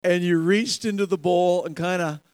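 A man with a slightly high voice delivering a sermon, animated and lively, often laughing as he acts out the voices in his stories. The sound is dry and close, with little room echo. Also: moderate pace, smooth. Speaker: pastor.

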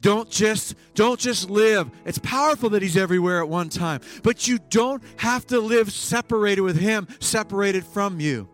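A man's voice: high-pitched, moderate pace, few pauses, soft background music. Man preaching with rising and falling intensity. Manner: impassioned preaching, swings between hushed and emphatic. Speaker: pastor. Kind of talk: sermon.

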